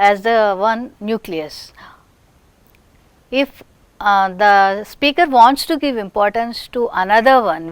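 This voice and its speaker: A woman with an Indian English accent giving a recorded phonetics lecture, speaking slowly and deliberately and repeating example sentences with stress. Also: a little high, clean tone, no echo.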